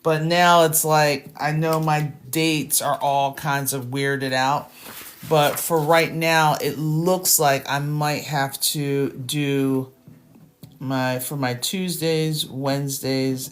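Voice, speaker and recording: A woman's voice: deep voice, extremely slow. A woman tutoring math live in a casual, chatty way. She sounds tired and fills her talk with ums and small laughs. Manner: chatty and relaxed, with frequent fillers and laughs.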